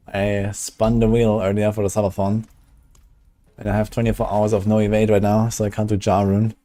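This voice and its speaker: A man's voice: on the low side, flat delivery, moderate pace, dark tone, no room sound. A man casually chatting and thinking aloud while he streams a game. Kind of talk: casual gameplay commentary.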